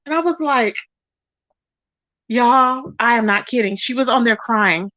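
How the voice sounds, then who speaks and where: A woman's voice: moderate pace, dry recording, dull audio. Chatty gossiping woman livestreamer. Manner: chatty, gossipy, reads out chat comments; animated, quotes people with rising pitch. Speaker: livestream host. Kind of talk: casual livestream chat.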